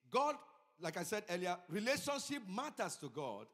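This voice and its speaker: A middle-aged man preaching a sermon as pastor. He tells stories, swings between loud emphatic peaks and quiet asides, and asks the congregation questions. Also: high-pitched, very animated, moderate pace. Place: church sanctuary. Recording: long hall reverb.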